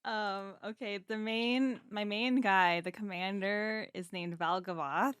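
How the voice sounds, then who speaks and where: A woman's voice: medium pitch, fairly even intonation, a little slow, fairly bright tone, smooth, no room sound. A woman who works behind the scenes on a podcast, chatting hesitantly and giggling as she reads out names. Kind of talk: casual chat.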